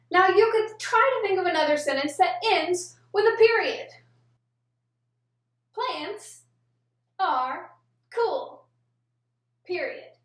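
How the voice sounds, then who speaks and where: Very high-voiced woman teaching kids, far off. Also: fairly bright tone. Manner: slow, deliberate, word-by-word teaching. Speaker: movement teaching artist. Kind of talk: children's movement lesson. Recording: echoey room, mic far off.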